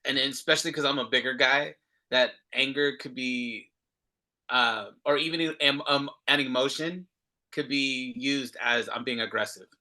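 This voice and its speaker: Bright, earnest man on a video call. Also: mid-range voice, normal speed. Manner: earnest and passionate, with restarts. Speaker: father in a discussion group. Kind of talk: casual group discussion.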